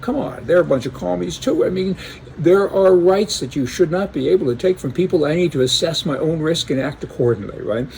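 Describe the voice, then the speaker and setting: A man's voice: a little high, animated, fairly quick, vocal fry, a little mellow, a little hiss or hum. A man from Canada delivering an opinionated political monologue, punchy and sarcastic with folksy wordplay. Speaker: political commentator.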